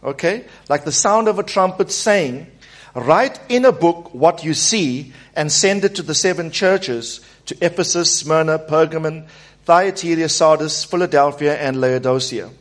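A pastor preaching a sermon to his church, repeating key phrases, slowing down for emphasis, and leading the congregation in call-and-response. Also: on the high side.

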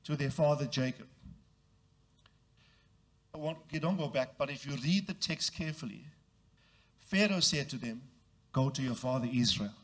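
At a normal speed with frequent pauses, a pastor delivers a sermon and leads the congregation in repeated phrases. He acts out the quoted voices of the story's characters with big pitch jumps.

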